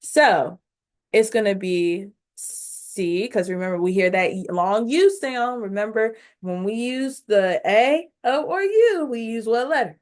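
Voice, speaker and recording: Slow, instructive woman teaching phonics. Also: fairly high pitch, expressive, a little mellow. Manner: slow, instructive, sounding out syllables; encouraging, addresses learners directly. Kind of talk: phonics lesson video.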